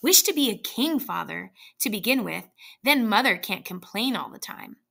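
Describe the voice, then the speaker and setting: A woman reading the lines of a playful, teasing young man with a lively, joking delivery. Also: mid-range voice, normal speed, creaky, exaggerated voice.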